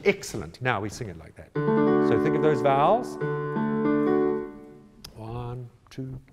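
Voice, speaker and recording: A man directing a choir rehearsal, brisk and encouraging, with jokey asides, and he sings out phrases to demonstrate. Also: mid-range voice, very animated, over loud music. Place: church or large hall. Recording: long hall reverb.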